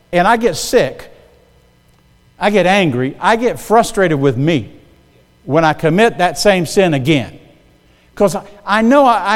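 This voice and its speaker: A man's voice: high voice, long reverb tail. An older man preaching a sermon in a church, talking conversationally and often checking in with the congregation. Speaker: guest preacher.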